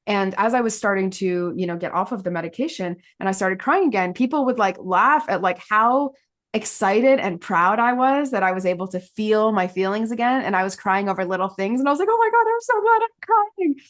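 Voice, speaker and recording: A woman's voice: medium pitch, brisk, a bit bright. A woman talking candidly in a podcast conversation, rambling with fillers and restarts and laughing often mid-sentence.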